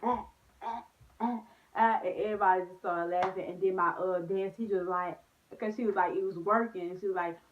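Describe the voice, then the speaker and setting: A woman's voice: on the low side, quick pace, slight background noise. A young woman chatting casually in a vlog, telling stories with lots of slang and "like"s. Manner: animated storytelling with slang and many "like"s. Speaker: vlogger. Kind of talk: storytime vlog, casual chat. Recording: phone-like narrow sound.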